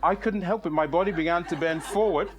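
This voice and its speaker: A middle-aged man spins a comic tale on stage with a somewhat high voice. He talks in an animated, exaggerated way, laughing through his own lines as he goes. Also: fairly quick, dull audio. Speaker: storyteller. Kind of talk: comic live storytelling. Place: storytelling stage.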